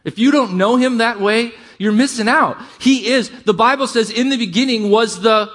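Middle-aged male pastor, high voice, conversational sermon, builds emphasis. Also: a bit bright. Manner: conversational preaching, rising emphasis, quick asides.

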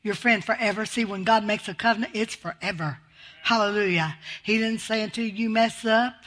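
Older woman preacher, bright forceful voice, fervent and call-and-response in her sermon delivery. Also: mid-range voice, fairly even intonation, normal speed. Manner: fervent, exclaims hallelujah often, swings from loud to quiet.

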